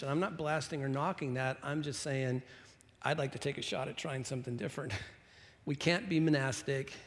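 A middle-aged male pastor gives a sermon in a loose, conversational manner, breaking off into restarts and friendly asides. His voice sits at an ordinary middle pitch for a man, and it carries a long reverb from a church sanctuary.

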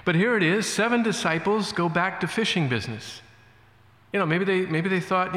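A man preaching a sermon as a pastor, telling a story in a relaxed, conversational way with many fillers. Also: high voice, normal speed. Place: church. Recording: echoey church hall.

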